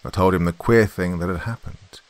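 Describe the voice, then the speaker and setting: A man hosting a horror podcast, reading a classic tale in a measured, suspenseful way. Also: low voice, a little mellow, no room sound. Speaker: horror story podcast host. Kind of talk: dramatic story reading.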